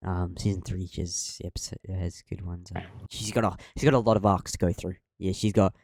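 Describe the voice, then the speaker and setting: A young man talks casually on a podcast in a low voice, rambling through his thoughts with frequent ums and false starts. The sound is dry and close, with no room echo. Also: fairly even intonation, a little mellow. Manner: rambling, halting, with many ums and restarts. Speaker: podcast co-host.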